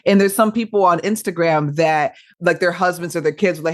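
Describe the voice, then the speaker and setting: Lively, laughing woman radio broadcaster. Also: on the low side. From Michigan. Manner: animated, laughs often, brisk storytelling. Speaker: podcast guest, radio broadcaster. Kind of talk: casual interview chat.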